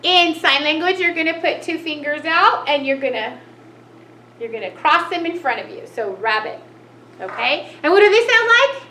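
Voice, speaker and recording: Bright, animated woman teaching children. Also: sits high, moderate pace. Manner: cheerful, animated, gasps at each new picture. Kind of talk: children's lesson. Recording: echoey room, faint noise.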